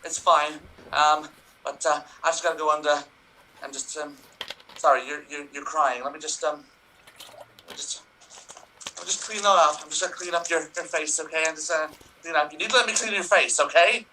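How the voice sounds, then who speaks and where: Improv role: a man playing a hesitant, fussy woman dumping her boyfriend; bright, a little noisy. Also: a little high, moderate pace, pauses often. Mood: awkward. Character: woman breaking up with boyfriend, fussy about cleaning. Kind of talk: improv comedy scene. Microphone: video call.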